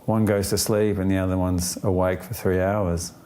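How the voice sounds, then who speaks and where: A man answering an interview question in a thoughtful, unhurried way, often pausing with fillers and restarting his sentences, with a gently upbeat tone. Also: deep voice, little pitch movement.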